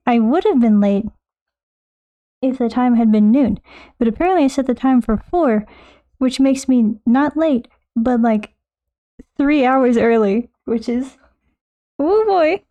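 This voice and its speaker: A woman's voice: on the high side, warm tone, lo-fi sound. A young American woman chatting casually with her live-stream viewers, bubbly and self-mocking. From United States.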